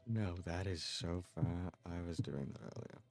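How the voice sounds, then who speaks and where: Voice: deep voice, unhurried, creaky, darkish tone. A player chatting easygoingly in a group game session. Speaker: roleplay server player. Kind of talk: casual gaming chat.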